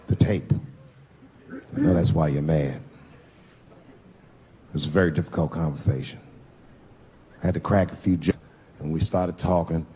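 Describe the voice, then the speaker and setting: A middle-aged man doing stand-up comedy storytelling on stage, acting out characters and jumping into high shouts. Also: steady tone, normal speed, long pauses. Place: large venue on stage. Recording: live stand-up with laughing crowd and noise.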